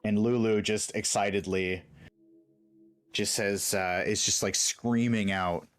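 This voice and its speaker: A man narrating as game master for a tabletop game, relaxed and halting with fillers. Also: on the low side, clean tone, faint music behind.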